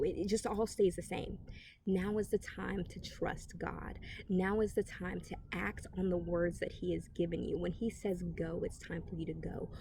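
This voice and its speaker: A woman's voice: mid-range voice, warm tone, a little hiss or hum. A woman giving a casual devotional pep talk, earnest and encouraging, speaking straight to her listener. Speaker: Christian encouragement vlogger.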